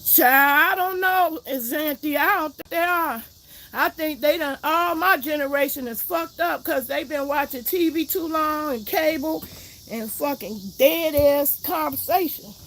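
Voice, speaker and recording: Casual livestream host, woman, outspoken ranting, gravelly voice. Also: high voice, unhurried, a bit bright, poor audio. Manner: ranting, outspoken, swears freely. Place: garden outdoors, then indoors.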